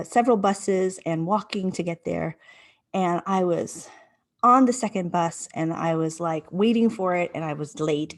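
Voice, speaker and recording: A woman giving a public talk, telling a personal story in repeated, rhythmic phrases and often checking in with her listeners. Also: fairly low pitch. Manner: checks in with listeners, asking "right?". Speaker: invited speaker.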